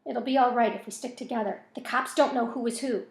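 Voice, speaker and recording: A woman reading a novel aloud, voicing a teenage boy giving quiet, urgent instructions. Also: on the high side, fairly even intonation, a little fast, reverberant, natural voice. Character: teenage boy leading a nervous escape.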